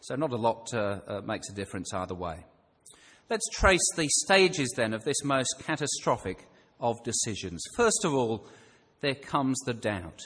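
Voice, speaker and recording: Male preacher, mid pitch, conversational sermon delivery full of rhetorical questions, long hall reverb. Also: big pitch swings, a little slow, a bit bright, husky.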